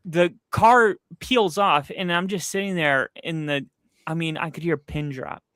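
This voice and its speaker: A man's voice: fairly high pitch, unhurried, a bit bright, dry recording. A young man hosting a casual sports podcast, telling a story with loose fillers and frequent swearing. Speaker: podcast host. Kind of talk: casual chat.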